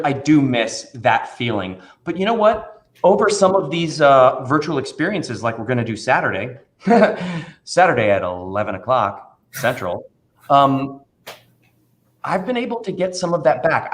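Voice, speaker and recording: A man who works as a children's magician talks in a relaxed interview. He tells stories with animated energy and slips into playful voices for the people in them. His pitch sits in the middle range. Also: measured pace. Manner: animated storyteller, acts out voices in anecdotes. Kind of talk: casual interview conversation.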